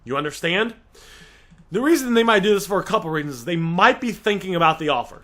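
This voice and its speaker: A man's voice: high-pitched, lively intonation, a little fast, bright, forceful tone. A young man coaching listeners on a sales script, direct and emphatic, repeatedly calling them guys.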